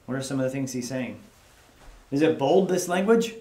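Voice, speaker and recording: A man's voice: mid-range voice, animated, moderate pace, mellow. A man leading a midweek Bible study in an office. He talks conversationally, keeps checking in with the group by asking "right?", and dramatizes the prayers he reads. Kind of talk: casual Bible study teaching. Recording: echoey room.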